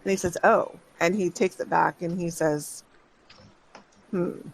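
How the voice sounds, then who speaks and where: A game master narrating a tabletop game at an easy, unhurried pace. The delivery is halting, with phrases often restarted and trailing off before picking back up. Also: mid-range voice, steady tone, vocal fry, rough recording. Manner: unhurried, hesitant, restarts with many fillers.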